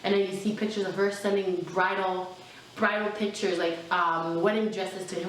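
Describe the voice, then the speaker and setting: Young woman doing a storytime vlog, chatty and animated, echoey room, mic kinda far. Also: mid-range voice, normal speed, slight background noise. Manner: chatty, animated, lots of fillers. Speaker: vlogger. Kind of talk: casual storytime.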